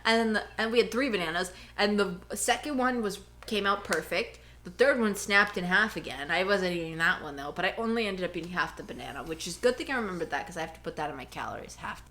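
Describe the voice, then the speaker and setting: A woman co-hosting a casual podcast at home, ranting in a rambling, animated way into a cheap headphone mic. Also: lowish voice, fast, few pauses. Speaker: podcast co-host.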